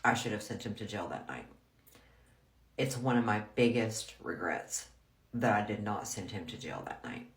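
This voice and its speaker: A woman's voice: rumbling low, lively intonation, moderate pace. A woman telling a personal story in a frank, blunt, casual way, full of "like". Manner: frank, blunt, heavy use of "like". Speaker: storyteller vlogger. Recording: roomy echo.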